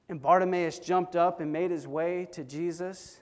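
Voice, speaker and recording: A man's voice: a little high, normal speed, few pauses, darkish tone, long reverb tail. A man preaching a sermon in an earnest, storytelling manner, acting out quoted voices as he goes.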